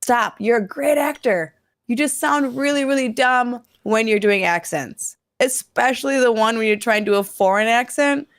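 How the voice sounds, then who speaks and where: A woman's voice: on the high side, moderate pace. A woman co-hosting a live podcast who talks in a casual, outspoken way. She rants bluntly and jokes around. She fills her sentences with "like". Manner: blunt, joking, says "like" a lot. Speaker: podcast co-host.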